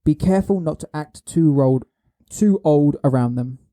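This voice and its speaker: A man's voice: fairly high pitch, moderate pace, warm tone. A man hosting a podcast, running a casual guessing game with lots of ums and laughs. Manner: laughs often, hedges with ums. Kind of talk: casual chat.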